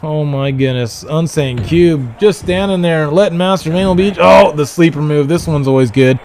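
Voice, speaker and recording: A man hosting a livestream, giving excited, profane play-by-play wrestling commentary with loud calls. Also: fairly high pitch, normal speed, slight background noise. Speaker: livestream host.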